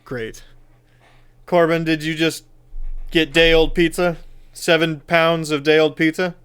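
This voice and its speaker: Man, game master, tabletop narration, smooth clear voice, slightly high. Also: flat delivery, takes it slowly, fairly bright tone.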